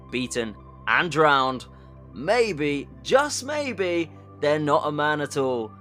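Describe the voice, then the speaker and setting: Man, comedy podcast host, mid-pitched voice, chatty, jokey asides, emphatic bursts. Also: sharp tone.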